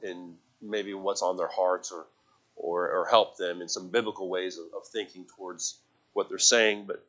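A man preaching as a youth pastor, earnest and halting, often restarting and repeating words before building to emphatic appeals. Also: deep voice, fairly bright tone. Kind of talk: sermon.

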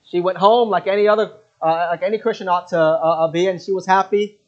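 A man preaching a sermon who tells mission stories in an earnest, halting way, with many fillers. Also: sits high, steady tone. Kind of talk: sermon with storytelling. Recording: dull lo-fi recording.

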